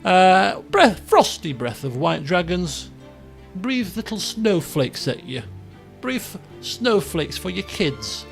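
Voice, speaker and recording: A chatty young man streaming a video game, thinking out loud and cracking jokes as he goes. His voice sits high and bounces all over with a gravelly rasp, and faint music plays behind him. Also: sing-song, takes it slowly. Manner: chatty, musing aloud, jokey. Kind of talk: casual stream commentary.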